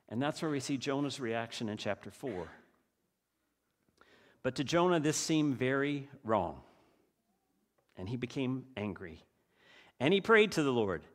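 An earnest man preaching a sermon. His voice sits on the higher side for a man. He keeps turning to the listeners with rhetorical questions. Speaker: pastor.

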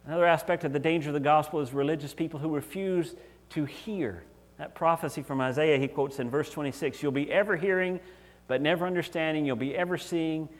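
A middle-aged male pastor preaching a sermon in an earnest, conversational way, often acting out quoted voices. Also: a little high.

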